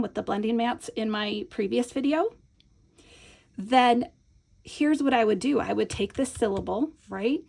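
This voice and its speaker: A woman's voice: a little high, gravelly, darkish tone. A woman teaching a hands-on reading lesson, patient and encouraging, often checking in with the viewer. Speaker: Montessori teacher. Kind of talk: instructional demonstration.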